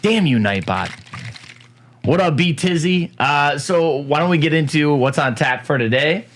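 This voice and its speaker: A man's voice: on the high side, animated, measured pace, a bit bright. A man co-hosting a casual talk show, joking and teasing his partner in an upbeat way. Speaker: co-host. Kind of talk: casual morning show banter.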